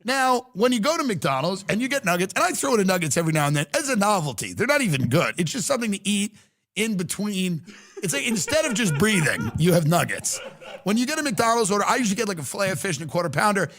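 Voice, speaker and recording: A man rants through a comedy podcast bit, brash and profane, piling on sarcastic asides. His voice sits high for a man and swoops all over the place, recorded dry and close with no room sound. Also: sing-song, fast talker, a bit bright, dry recording. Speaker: podcast host. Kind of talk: comedic rant.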